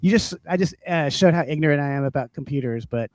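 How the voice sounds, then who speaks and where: A man's voice: fairly high pitch, quick pace, no echo. A man co-hosting a livestream in casual comedic chat, ranting, swearing and laughing as he tells stories. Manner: profane, ranting, laughs often. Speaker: livestream co-host.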